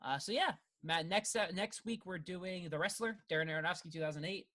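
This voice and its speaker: Young male co-host, higher, bright, tense voice, chatty and laughing easily. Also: fairly quick. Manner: laughs often, restarts sentences. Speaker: podcast co-host. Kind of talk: casual chat.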